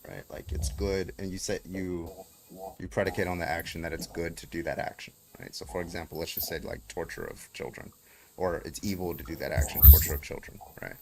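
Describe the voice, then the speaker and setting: A man with a very low voice hosts a relaxed debate stream, starting over mid-sentence as he works through his points. Steady noise sits clearly under his voice. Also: fairly quick. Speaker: livestream debate host. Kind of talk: casual live-stream debate chat.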